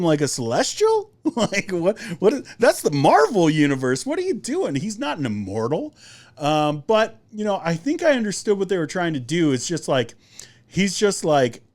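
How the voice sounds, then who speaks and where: A young man hosting a podcast, giving a casual, rambling movie review with lots of fillers and animated jumps in his voice. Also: a little high. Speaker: podcast host.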